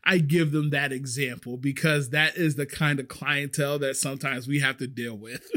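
A man's voice: medium pitch, normal speed. A man hosting a podcast, telling stories casually and acting out the people in them. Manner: animated, acts out the voices of people in his stories. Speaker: podcast host. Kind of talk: casual storytelling.

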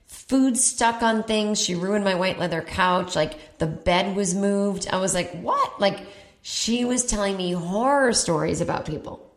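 A woman with a somewhat low-pitched voice rambles through a personal story for her comedy podcast. She swears casually, pokes fun at herself and slips into quick put-on voices for the people she quotes. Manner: chatty, profane, self-mocking, quotes people in put-on voices. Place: at home.

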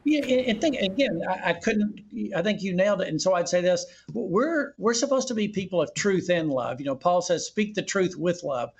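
A man's voice: high-pitched, lively intonation, normal speed, few pauses, husky. A man who is a former governor, speaking earnestly as a guest in an interview and often restarting his sentences. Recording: dull lo-fi line.

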